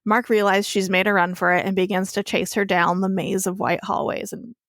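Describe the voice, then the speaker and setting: A woman's voice: mid-range voice, little pitch movement, a little fast, fairly bright tone, no echo. Chatty woman recapping a show, dry sound. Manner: chatty storytelling with casual swearing. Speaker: podcast co-host. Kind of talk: casual TV recap chat.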